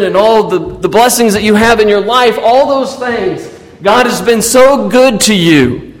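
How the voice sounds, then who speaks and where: A man preaching a sermon, reading scripture and acting out the people in it with raised, emphatic voices. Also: high-pitched. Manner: reads scripture, then acts out the speakers in raised voices. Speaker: pastor. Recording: long hall reverb.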